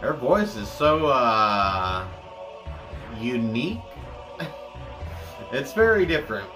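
A man's voice: medium pitch, sing-song, extremely slow. A young American man hosting a music reaction, talking casually with many fillers and jokey asides. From United States.

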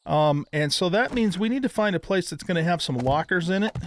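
A man's voice: high-pitched, lively intonation, fairly quick, a little hiss or hum. Chatty older man narrating gameplay. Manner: chatty, frequent ums and restarts. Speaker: gaming YouTuber. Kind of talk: casual gameplay commentary.

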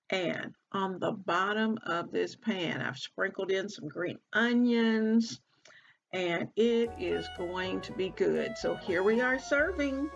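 A woman's voice: mid-range voice, vocal fry, lo-fi sound. A woman hosting her cooking channel from her home kitchen, chatting casually as she walks viewers through each step of a recipe.

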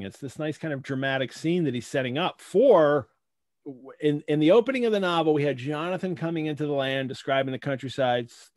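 A man hosting a live online book discussion, reading closely and talking with animated swings in pitch over a video call. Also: no room sound, clean studio sound. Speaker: host.

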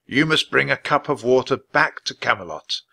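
A man doing a booming stern knight. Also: animated, normal speed, creaky, sharp tone, no echo, heavily acted. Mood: solemn.

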